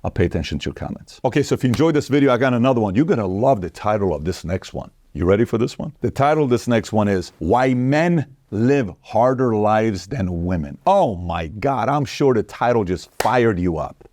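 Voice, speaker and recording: A man's voice: on the low side, expressive, a little fast, few pauses, darkish tone. A man hosting a commentary monologue, talking emphatically and preachily with many rhetorical questions. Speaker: host.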